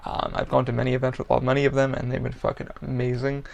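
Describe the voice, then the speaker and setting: Male podcast host, gravelly, blunt and profane, rambling casual monologue. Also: medium pitch, completely flat delivery, fast talker, darkish tone, highs cut off.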